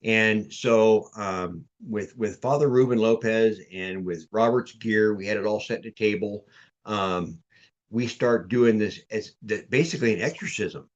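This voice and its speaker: Podcast guest, man, mid-pitched, casual and rambling, repeats and restarts, on a video call. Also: unhurried, dull audio. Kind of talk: casual storytelling chat.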